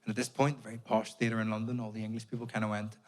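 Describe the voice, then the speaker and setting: A man's voice: on the low side, little pitch movement, racing. A young Irish man doing a stand-up comedy set, telling stories casually with plenty of swearing and putting on voices for other people. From Northern Ireland. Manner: conversational storytelling, swears freely, puts on voices for others. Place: theatre stage before a laughing audience.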